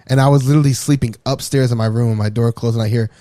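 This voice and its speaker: A man co-hosting a podcast in casual chat, telling stories with energy and lots of swearing, and acting out what people said. His voice sits at a middle pitch. The sound is dry and close, with no room echo. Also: quick pace. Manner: animated, profane storyteller who acts out quotes and laughs often. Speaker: podcast co-host.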